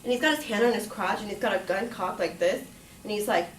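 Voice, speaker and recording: A woman's voice: medium pitch, fast talker. A young woman telling a true personal story in a casual, chatty way, full of "like", acting out what people said. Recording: echoey room from far off, faint noise.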